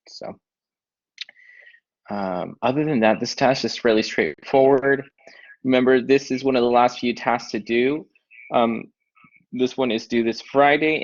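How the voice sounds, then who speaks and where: A man teaching a Spanish class online, explaining tasks in a relaxed way with many filler ums. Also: lowish voice, vocal fry. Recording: dull lo-fi online lesson audio.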